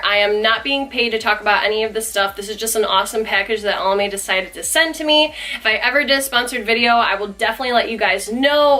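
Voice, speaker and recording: Young female beauty vlogger, gushing, crisp bright tone, slightly high voice. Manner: gushing, bubbly, self-deprecating. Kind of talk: excited unboxing vlog.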